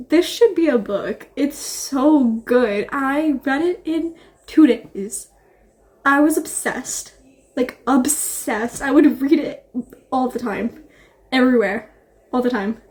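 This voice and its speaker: A woman's voice: high voice, darkish tone. Gushing young woman book vlogger. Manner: gushing, rambling, lots of "like". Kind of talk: casual chat to camera.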